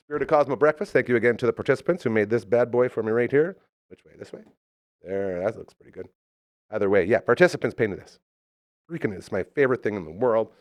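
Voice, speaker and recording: Effusive podcast host man, lively pitch. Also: no room sound, clean studio sound. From Canada. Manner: enthusiastic, effusive, swinging loud and soft. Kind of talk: live podcast talk with ad reads.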